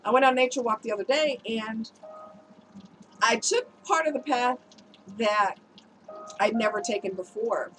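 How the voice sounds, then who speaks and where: A woman's voice: fairly high pitch, moderate pace, long pauses, a bit bright, soft background music, low-quality recording. A woman vlogger with a cold, telling a personal story to her viewers in a candid, emotional, chatty way. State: has a cold, voice slightly strained.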